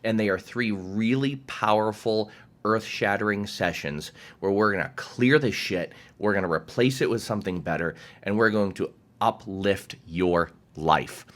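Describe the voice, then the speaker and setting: A man's voice: on the low side, measured pace, fairly bright tone. A man giving a direct-to-camera motivational talk as a coach, emphatic and passionate, swearing freely.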